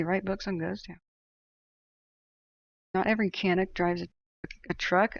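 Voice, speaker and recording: A woman's voice: mid-range voice, flat delivery, moderate pace, creaky, long pauses, dry recording, lo-fi sound. A woman hosting a livestream and reading out chat, talking in a casual, opinionated way and laughing often.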